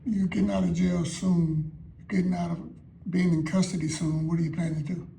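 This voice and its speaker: A man's voice: on the high side, flat delivery, moderate pace, vocal fry, mellow, a little hiss or hum. A male interviewer asking short questions from off-mic. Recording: distant off-mic voice.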